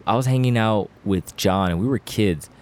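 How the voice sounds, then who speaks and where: A man's voice: on the low side, moderate pace, a little mellow. A man casually telling crude, slangy stories among friends on a podcast, laughing between lines. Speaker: podcast storyteller.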